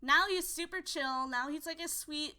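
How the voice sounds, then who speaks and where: A woman's voice: high-pitched, normal speed, pushed and bright. A young woman co-hosting a podcast, chatting casually in a rambling, giggly way with lots of "like". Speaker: podcast co-host. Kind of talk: casual chat.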